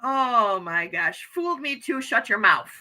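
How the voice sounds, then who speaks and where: American lady chatting on her stream, reading comments out, super bright voice. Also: medium pitch, big pitch swings, normal speed, poor audio. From United States. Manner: chatty, earnest, reads viewer comments aloud. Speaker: livestream host reading chat. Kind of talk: casual chat.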